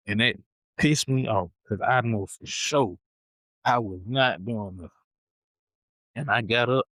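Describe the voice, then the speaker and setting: Animated man telling a story. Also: lowish voice, a little slow, long pauses, dry recording, poor audio. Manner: animated, slangy, repeats himself. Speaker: podcast host. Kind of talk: casual storytelling.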